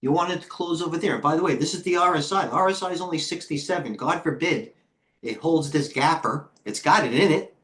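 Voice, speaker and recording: A slightly fast, somewhat bright voice on the high side belongs to a middle-aged man hosting a live trading stream. Winded, he chats casually and rambles, tossing in self-deprecating jokes and mumbled asides.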